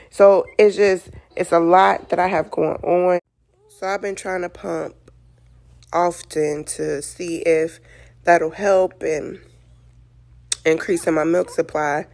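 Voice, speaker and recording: A new mother talks straight to the camera in a low, gravelly voice with a good deal of fry. She sounds exhausted and speaks candidly and loosely, leaning on "like" and "you know" as she works through her thoughts. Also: darkish tone. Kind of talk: casual talk to camera.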